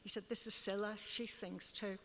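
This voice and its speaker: Speaking at a normal speed in a steady, medium-pitched voice that sounds pushed and bright, this older woman from Liverpool, England shares stories as an on-stage interview guest at a club. She frequently laughs while acting out others' words for the audience, and the sound carries a long hall reverb.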